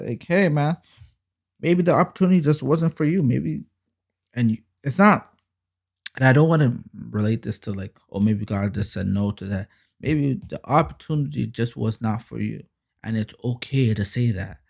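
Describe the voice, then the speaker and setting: A man hosts a faith podcast in a mid-pitched voice. He talks like a friend, full of slang and fillers, then rises into emphatic, drawn-out preaching whenever he gets to praise. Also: vocal fry. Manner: preachy and emphatic, swells louder on praise lines. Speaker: podcast host. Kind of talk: faith-based podcast monologue.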